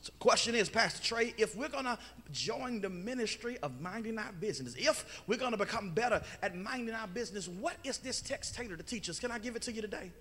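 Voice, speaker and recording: High, bright-voiced preacher. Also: male voice, expressive, a little fast, a little hiss or hum. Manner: preaching with call-and-response, sung phrases and shouts. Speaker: pastor. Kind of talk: sermon. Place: church sanctuary.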